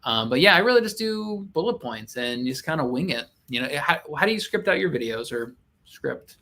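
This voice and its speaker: A man co-hosting a casual chat, talking in a relaxed, conversational way with animated asides. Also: a little high, normal speed. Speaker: co-host, real estate agent and YouTuber.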